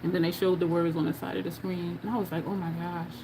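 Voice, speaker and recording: A woman's voice: on the low side, level tone, fast talker, noisy background. A woman hosting a casual makeup livestream, chatting, laughing often and reading viewer comments aloud. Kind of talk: casual livestream chat while doing makeup.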